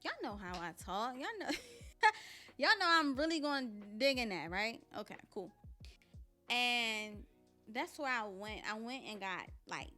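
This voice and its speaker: Young woman, podcast host, bright forceful voice, candid and preachy, faint music underneath. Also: on the high side, big pitch swings, unhurried. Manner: candid, preachy, talks straight to listeners. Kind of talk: casual motivational monologue.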